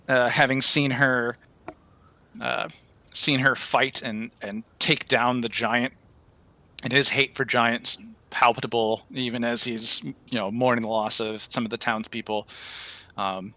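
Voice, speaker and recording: A man narrating a tabletop game as game master, halting with many fillers. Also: medium pitch, fairly even intonation, sharp tone, no echo.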